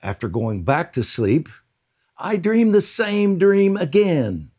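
A man reading a prayer account aloud in a slow, earnest devotional style, lifting his voice on quoted lines. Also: on the high side, very animated, a little mellow, breathy edge.

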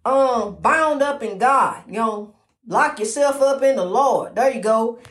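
A woman's voice: on the high side, measured pace. A woman giving a daily inspirational testimony in a preacherly, repetitive, encouraging way, with many fillers. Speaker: motivational speaker. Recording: roomy echo.

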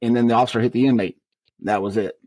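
Middle-aged guy telling prison stories on a podcast, lively, plain mid voice, dry sound. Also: medium pitch, fast, dry recording, low-quality recording. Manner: animated storyteller who acts out quoted exchanges. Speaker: interview guest, correctional officer. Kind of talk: storytelling in a podcast interview.

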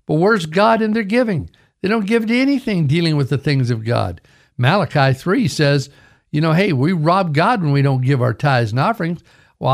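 An older man, a pastor, preaching a sermon with emphatic delivery, often calling his listeners "folks". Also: medium pitch. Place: radio broadcast.

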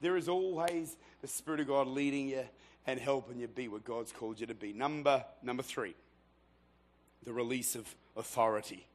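A man preaching a sermon in church, moving from quiet storytelling to fervent, shouted exhortation. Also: mid-range voice, moderate pace. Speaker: pastor.

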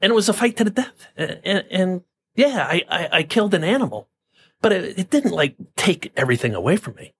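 A man's voice: high-pitched, sing-song, a little fast, creaky, a bit bright, husky. A man from New Jersey telling a personal story as a podcast guest, intense and profane, often stammering and repeating words.

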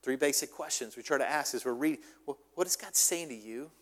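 A male pastor preaching a sermon, lively and repetitive, often checking in with "right?". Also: mid-range voice, brisk, long reverb tail.

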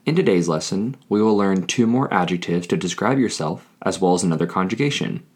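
A man hosting a scripted Spanish lesson, speaking deliberately and repeating each phrase for learners. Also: low voice, animated, darkish tone, husky. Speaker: Spanish teacher.

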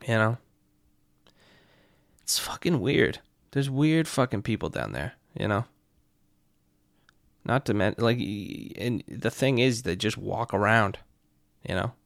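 A young man telling a night-out story in a profane, excitable way, constantly checking in with his listener. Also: on the low side, slow pace, vocal fry, pauses often, no echo, clean studio sound. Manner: profane, excitable, keeps asking "right?". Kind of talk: casual anecdote.

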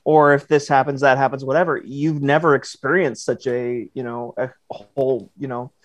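Man, podcast co-host, rambling, restarts, mid pitch, dry close sound. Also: steady tone, moderate pace, dry recording. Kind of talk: casual chat.

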